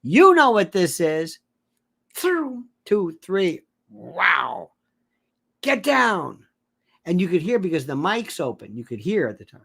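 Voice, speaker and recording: A man giving an animated commentary monologue. He rambles, corrects himself and acts out the voices of the people he describes. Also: high-pitched, unhurried. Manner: digressive, theatrical, mimics voices, self-correcting.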